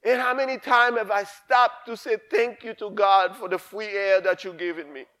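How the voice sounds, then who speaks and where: A man preacher voicing a grateful eighty-four-year-old woman patient, earnest and wondering, a little higher than his own voice. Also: steady tone, normal speed, bright, forceful tone.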